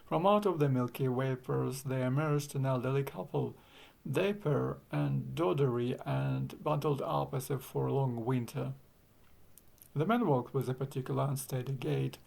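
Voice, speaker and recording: A man's voice: medium pitch, creaky, darkish tone. A man reading a travel story aloud as narrator, with a wry, dry sense of humor. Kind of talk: audiobook reading.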